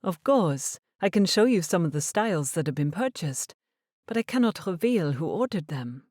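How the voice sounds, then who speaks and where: A woman narrator voicing a composed young dressmaker with a French accent in an audiobook, polite and measured. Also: fairly low pitch, sing-song, a little mellow, no echo, studio quality.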